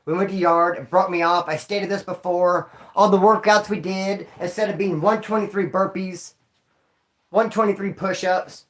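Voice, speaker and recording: A man's voice: high voice, fairly bright tone. Man, stream host, casual slangy storyteller who acts out the sounds and voices. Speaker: livestream host telling prison stories. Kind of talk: casual storytelling to a live audience.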